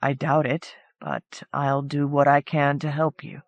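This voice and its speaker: A woman voicing a calm, watchful male angel in a storybook reading, speaking low, clipped and steady. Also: a little slow, no room sound.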